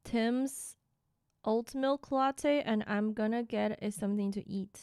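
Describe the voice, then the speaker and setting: A woman's voice: a little high, slow pace, darkish tone, smooth, dry recording, studio quality. A young woman streaming live, chatting casually and greeting viewers one by one by name.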